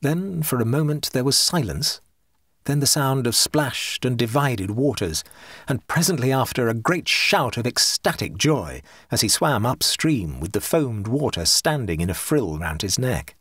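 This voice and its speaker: A man reading a ghost story aloud in a measured, expressive audiobook style. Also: dry recording, clean studio sound. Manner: measured, expressive reading that drops low for speech tags. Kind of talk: audiobook narration.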